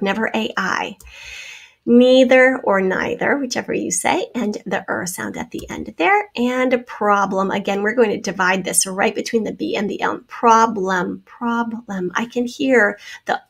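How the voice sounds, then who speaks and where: Gravelly-voiced teacher woman, patient. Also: medium pitch, fairly bright tone. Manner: patient, explains step by step. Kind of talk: spelling lesson for children.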